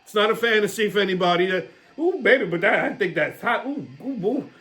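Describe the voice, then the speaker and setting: A man voicing a loud, bawdy older woman in a comedy sketch, squealing in a shrill falsetto and swearing. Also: animated, brisk. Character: brassy loud older Black-American-style woman, bawdy.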